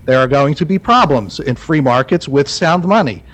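A man's voice: on the high side, expressive, moderate pace, rough recording. A man speaking as a guest, making an earnest, emphatic case. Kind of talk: advocacy talk.

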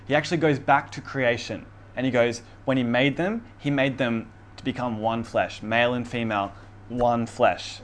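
A man's voice: medium pitch, a little slow. A man preaching a casual sermon, who reads scripture aloud with emphasis and laughs often, over faint room noise. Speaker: pastor.

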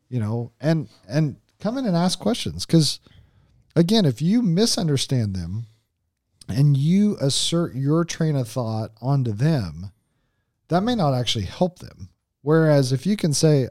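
A man's voice: medium pitch, sing-song, normal speed, dark tone, dry recording, studio quality. A man co-hosting a Christian marriage podcast, teaching in a casual, conversational way with frequent "like" and "right?" and many restarts.

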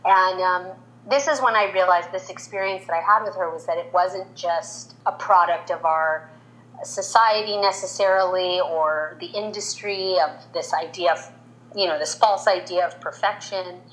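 Fortyish woman guest, lowish voice, storytelling, acts out quotes all animated. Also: normal speed, rough recording. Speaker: makeup artist, guest. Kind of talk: storytelling interview answer.

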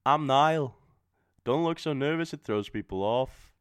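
A man's voice: mid-range voice, moderate pace, clear, resonant tone, dry recording, studio quality, pitched above the performer's own voice, natural voice. A man voicing a friendly young male college student in an attempted British accent.

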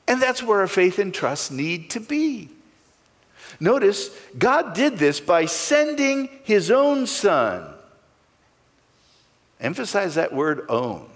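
A man's voice: fairly high pitch, wildly swooping pitch, slow pace, long reverb tail. A male pastor preaching a sermon, stressing key words with sweeping rises and falls.

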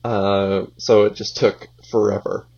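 A man co-hosting a podcast, chatting hesitantly with many pauses, on a muffled, lo-fi mic. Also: on the low side, little pitch movement, vocal fry, a little mellow. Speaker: podcast co-host. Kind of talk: casual chat.

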